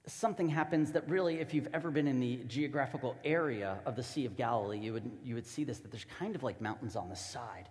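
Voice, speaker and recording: A man's voice: mid-range voice, quick pace, few pauses, big-room sound. A man preaching a sermon as a pastor, telling the story casually and with animation.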